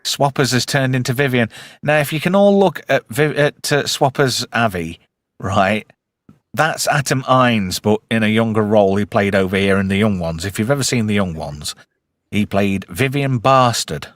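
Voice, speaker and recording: A man's voice: lowish voice, normal speed, no echo. A man hosting a casual chat, jokey and swearing freely. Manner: animated, swearing, jokey banter. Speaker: host.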